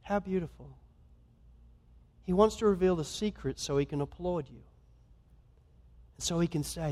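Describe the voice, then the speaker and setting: Man, Australian accent, guest pastor, high voice, conversational sermon, soft to loud, long hall echo. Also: moderate pace, long pauses. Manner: conversational, earnest preaching that swings from soft to loud. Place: church.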